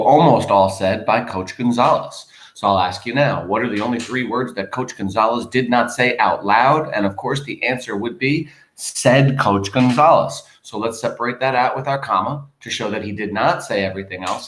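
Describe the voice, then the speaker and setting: A man's voice: lowish voice, a bit bright. Man teaching grammar in an echoey room. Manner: patient, explains step by step, asks questions. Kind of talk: grammar lesson for students. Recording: roomy echo.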